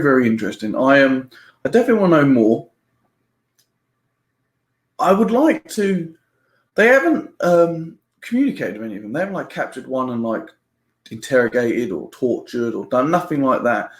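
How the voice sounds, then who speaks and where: A man giving a casual spoiler review of a book, chatty and rambling, laughing often and restarting his sentences. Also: mid-range voice. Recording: roomy echo.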